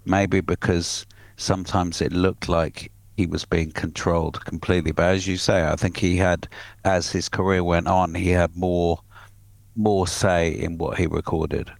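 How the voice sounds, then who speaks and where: Deep-voiced halting man. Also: flat delivery, vocal fry, no echo. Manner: halting, repeats words while searching for them. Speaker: studio guest. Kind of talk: casual on-air chat.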